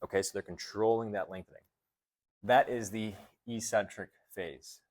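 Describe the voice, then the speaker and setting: Lowish-voiced man coaching through exercises. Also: steady tone, moderate pace, darkish tone. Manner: explains while demonstrating moves, counting holds aloud. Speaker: chiropractor and trainer. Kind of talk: exercise demonstration.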